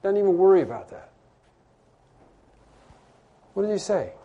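A man preaching a sermon, pressing his points with repeated phrases and sudden loud stresses. His voice sits a touch high for a man but has a mellow, warm tone. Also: very animated, moderate pace. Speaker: pastor.

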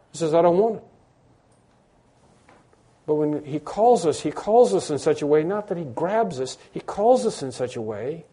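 A man's voice: a little high, dark tone, husky. A man preaching a sermon as a pastor, earnest and insistent, repeating his phrases over and over with frequent restarts.

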